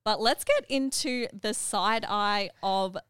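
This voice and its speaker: An Australian woman co-hosting a podcast in casual chat, excitable and teasing. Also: mid-range voice, slow pace, clear, resonant tone, dry recording, clean studio sound. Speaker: podcast co-host.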